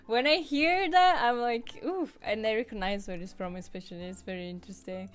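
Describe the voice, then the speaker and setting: A woman's voice: medium pitch, a little fast. A woman with an Italian accent, co-hosting a casual online chat show and laughing often as she talks. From Italy. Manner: chatty, laughs often, many restarts. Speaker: podcast co-host.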